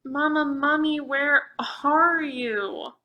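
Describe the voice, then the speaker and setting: A woman's voice: sits high, fairly even intonation, slow, pushed and bright, voice pushed up, heavily acted. A woman voicing a small baby mummy boy in a storybook, calling out for his mother. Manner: calling out anxiously.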